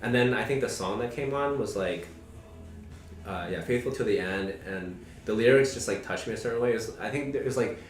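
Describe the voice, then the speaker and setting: Casual podcast host in his twenties, deep-ish voice, meandering storyteller in a reverberant room. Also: brisk, faint music behind. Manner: rambling, heavy use of "like" fillers. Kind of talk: casual group conversation, personal storytelling. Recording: roomy echo.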